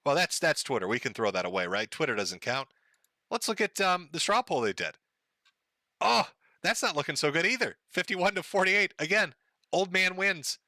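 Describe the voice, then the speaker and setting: A man's voice: fairly high pitch, pushed and bright, dry recording. An older man hosting a stream, giving mocking, profane commentary and laughing at his own jokes. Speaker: streamer host.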